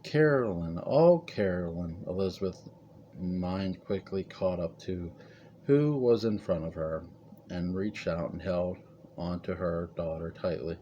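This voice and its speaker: A man narrating a gothic family story in a measured, dramatic reading. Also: sits low, mellow, lo-fi sound, slight background noise.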